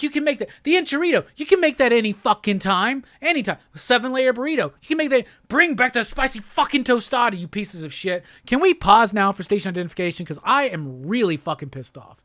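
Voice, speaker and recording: A man's voice: extremely high pitch, no room sound, studio quality. Profane ranting male stream host. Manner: profane, ranting, animated and exasperated. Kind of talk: live-stream rant.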